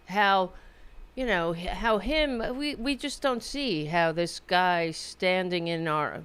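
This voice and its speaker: A woman's voice: mid-range voice, expressive, slow pace, a bit bright, clear, resonant tone. A woman hosting a political podcast, rambling through sarcastic commentary with many restarts. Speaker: podcast host.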